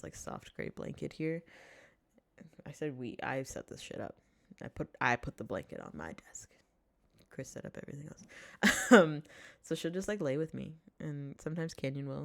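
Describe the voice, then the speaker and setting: A woman's voice: very deep voice, creaky. A woman hosting her vlog from her desk at home, chatting in a rambling, casual way, swearing and laughing often. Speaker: vlog host.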